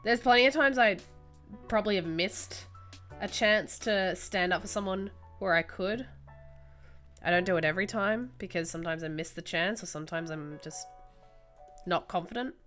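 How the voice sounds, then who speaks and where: A young woman telling a story while drawing, in an animated, swearing, casual way. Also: medium pitch, normal speed, soft background music. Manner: animated, swears freely, acts out reactions. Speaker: streamer.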